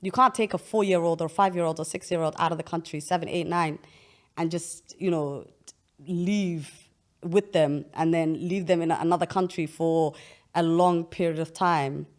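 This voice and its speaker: Young woman with a pretty low voice, talks earnestly, lots of restarts, casual chat. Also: steady tone, moderate pace. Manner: earnest, explains at length with many restarts. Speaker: podcast host. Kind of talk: casual interview conversation.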